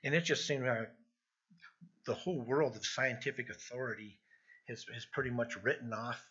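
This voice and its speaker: Middle-aged male pastor, bright husky tone, earnest sermon delivery, dull lo-fi recording. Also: mid-range voice, fairly even intonation, moderate pace. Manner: earnest, repeats words when emphasizing. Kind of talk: expository sermon. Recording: dull lo-fi sound.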